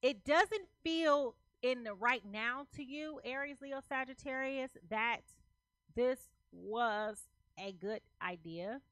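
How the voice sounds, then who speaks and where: Lady reading tarot, kinda high voice, says everything twice, slangy, dry close sound. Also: slow pace, a bit bright, no room sound. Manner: emphatic, repeats phrases, checks in with "okay?"; loose slangy talk. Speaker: tarot reader. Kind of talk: casual tarot reading to camera.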